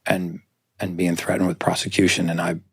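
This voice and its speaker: A man's voice: sits low, level tone, a little fast, creaky, breathy edge, no room sound, clean studio sound. A man speaking as a guest in a conversational interview, talking earnestly and explaining at length.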